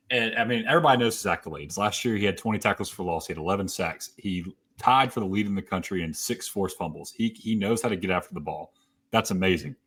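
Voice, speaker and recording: A man co-hosting a casual sports podcast in a very deep voice. He talks confidently and runs through statistics quickly. His tone is easy and conversational. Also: fairly bright tone. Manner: confident, rattles off stats. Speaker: podcast co-host.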